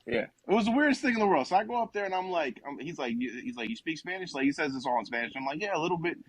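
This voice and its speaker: A man's voice: fairly high pitch, animated, rapid-fire, slightly rough. A young man from New Jersey, a podcast co-host, telling a rambling, profane comic story with lots of quoted dialogue. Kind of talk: casual comedic storytelling.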